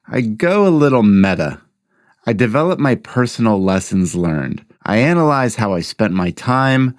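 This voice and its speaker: Male podcast host, earnest self-help delivery, lower register, dry booth sound. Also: dry recording. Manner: earnest, motivational, deliberate. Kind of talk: scripted podcast monologue.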